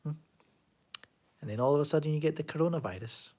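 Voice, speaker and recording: A Glaswegian man live-streams from a room at home, chatting casually and sardonically, rambling and reading chat messages aloud to answer them. His Scottish voice is on the high side, warm, and quick.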